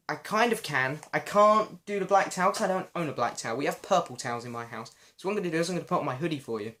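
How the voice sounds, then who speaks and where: A young man, hoarse because his voice is going, chatting and apologizing as he answers viewer questions in a casual vlog. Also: a little high, pushed and bright. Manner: chatty, self-deprecating, often apologetic.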